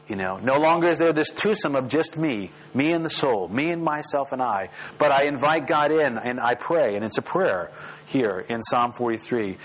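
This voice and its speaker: A man preaching a sermon as pastor, lively and rising sharply in pitch when he voices the prayers. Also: poor audio. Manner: animated, rises sharply when voicing prayers. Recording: faint mains hum.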